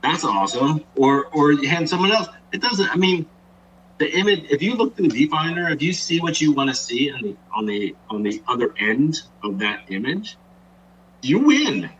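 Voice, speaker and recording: A man's voice: on the high side, normal speed, a bit bright, recorded from a distance, lo-fi sound, slight background noise. A man who is a guest on a casual photography chat, often repeating words as he thinks aloud. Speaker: podcast guest.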